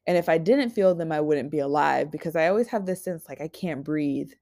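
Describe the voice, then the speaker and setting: Woman in her 20s with a low-pitched voice for a raw, unscripted personal monologue. Blunt and halting. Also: expressive, dark tone. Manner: raw, candid, swears freely; halting with frequent restarts. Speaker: podcast host.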